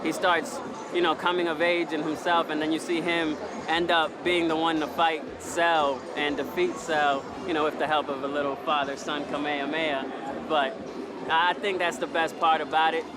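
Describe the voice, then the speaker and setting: A man's voice: fairly high pitch, little pitch movement, normal speed, background noise. A man explaining a cartoon's story in a casual interview, with many fillers.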